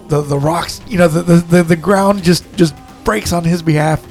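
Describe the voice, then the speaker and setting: High-pitched, gravelly man rambling. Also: normal speed, a little mellow, soft background music. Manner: rambling, profane storytelling with many restarts. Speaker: podcast co-host. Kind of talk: casual chat.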